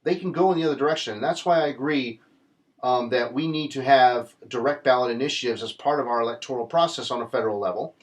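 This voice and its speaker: A man's voice: medium pitch, fast. Earnest rambling man. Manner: earnest, rambling, with frequent restarts and fillers. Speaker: political commentator. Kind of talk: casual political commentary monologue.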